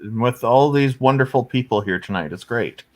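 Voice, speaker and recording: A man joining a casual stream call, cheerful and friendly, halting with fillers. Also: mid-range voice. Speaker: regular viewer joining the call. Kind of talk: casual chat.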